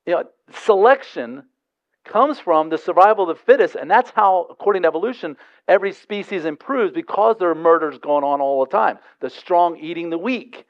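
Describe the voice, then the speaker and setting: A man's voice: high-pitched, dry recording, dull audio. A man preaching a sermon, asking rhetorical questions and telling stories in a conversational way. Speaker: pastor.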